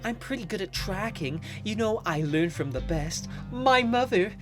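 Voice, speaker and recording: A woman's voice: medium pitch, lively intonation, moderate pace, soft background music, close to an everyday voice. A woman voicing an eager young woman who hunts cryptids, breezy and coaxing.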